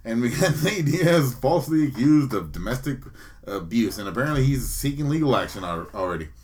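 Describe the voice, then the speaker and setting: A man co-hosting a podcast, relaxed and laughing as he brings up news topics in casual banter. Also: medium pitch, fairly quick. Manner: laid-back, laughing, loose. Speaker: podcast co-host.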